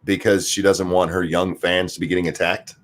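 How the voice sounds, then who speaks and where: A man with a Southern US accent who co-hosts a podcast, ranting in casual chat, profane and quick to restart his sentences. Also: sits low. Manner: animated, profane, repeats words when starting sentences. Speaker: podcast co-host.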